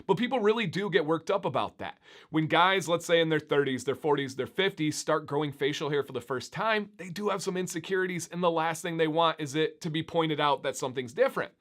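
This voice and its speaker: A man chatting upbeat and animated to his viewers in a casual vlog. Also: fairly high pitch, fairly quick. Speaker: beard YouTuber. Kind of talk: casual vlog talk to camera.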